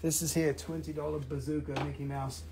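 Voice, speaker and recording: A man's voice: on the high side, flat delivery, fairly quick, very noisy. A man hosting a live stream that sells rocks, chatting in a profane, rambling way and laughing often. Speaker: host of a live rock sale. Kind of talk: live-stream sales chat.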